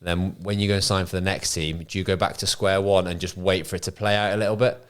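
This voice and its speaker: A man's voice: sits low, flat delivery, clear, resonant tone. A middle-aged man, a former footballer co-hosting a podcast, speaking plainly in casual chat and putting questions to his friends. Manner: quick, plain-spoken, asks the others questions.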